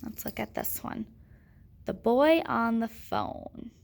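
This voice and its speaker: A woman's voice: on the high side, slow pace, gravelly, darkish tone. A woman teaching a grammar lesson, patiently asking questions and answering them herself.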